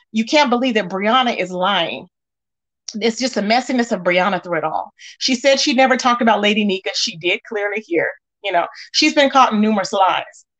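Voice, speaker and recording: Woman spilling tea to her viewers, kinda high voice, animated and chatty, lots of ums. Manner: animated, talks straight to viewers with many fillers. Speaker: commentary channel host. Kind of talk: casual gossip commentary.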